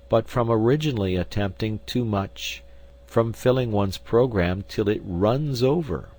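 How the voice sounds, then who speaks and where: A man with a fairly low voice narrates an essay for an audiobook. His reading is measured and formal, taking each clause in turn. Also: darkish tone, poor audio. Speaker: audiobook reader.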